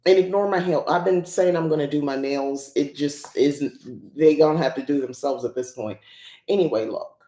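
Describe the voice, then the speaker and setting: A woman's voice: sits low, moderate pace, mellow, reverberant. A woman hosting a casual unboxing chat who rambles and laughs often. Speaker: host.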